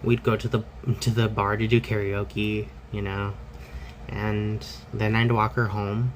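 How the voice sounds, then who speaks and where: A man's voice: lowish voice, flat delivery, a little slow, slight background noise, low-quality recording. A man telling a personal story in a candid, rambling way, full of fillers and restarts.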